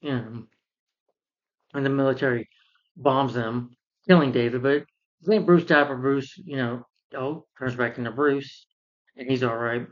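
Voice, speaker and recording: Griping about a film he can't stand, a man meanders through its story, replaying scenes and voicing the characters as he goes, in a casual review rant. He speaks at an ordinary middle pitch with fairly even intonation and a moderate pace. The audio sounds slightly dull and lo-fi.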